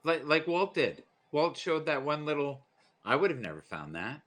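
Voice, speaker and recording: A man chatting casually on a group livestream, his voice bright and forward. He tells stories with animation and breaks into laughter often. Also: a little high, very animated, normal speed.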